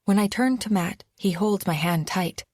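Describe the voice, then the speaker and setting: A woman's voice: medium pitch, normal speed, a little mellow, no room sound, clean studio sound. A woman narrating an audiobook in the first person, with a tense, anxious delivery. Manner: tense, anxious inner monologue.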